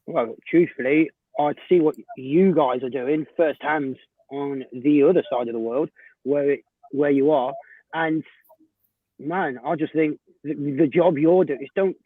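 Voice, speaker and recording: A fairly high-voiced man chats over a video call, joking at his own expense. The line sounds thin and phone-like, and very dry. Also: steady tone, unhurried, breathy edge, dry recording. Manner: warm, self-deprecating, laughs often. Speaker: website volunteer, regular guest. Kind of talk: casual video call chat. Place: home in Australia.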